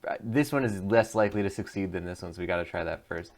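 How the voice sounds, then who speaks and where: Male streamer, casual game commentary, chatty and musing, lowish voice. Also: quick pace, darkish tone. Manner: chatty, laughing, musing aloud. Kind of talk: gameplay commentary.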